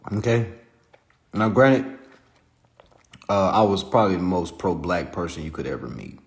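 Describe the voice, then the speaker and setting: A man's voice: deep voice, lively intonation, measured pace, pauses often. A young man from South Carolina, talking in a casual, profane livestream monologue and laughing often. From South Carolina, USA. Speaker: livestream host. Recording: roomy echo.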